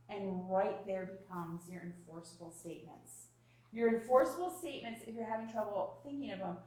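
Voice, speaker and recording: A woman in her thirties giving a parenting workshop, animated and acting out little scenes of parents and children. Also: medium pitch. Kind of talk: live workshop talk. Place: room with live audience. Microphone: distant room mic. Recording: echoey room from far off.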